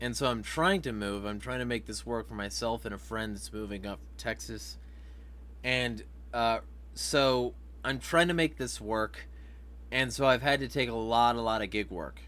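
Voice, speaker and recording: A man's voice: mid-range voice, moderate pace, fairly bright tone. A man hosting a casual livestream, swearing freely, laughing often and reading viewer comments aloud. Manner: profane, laughing, reads chat comments aloud. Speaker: vlog host.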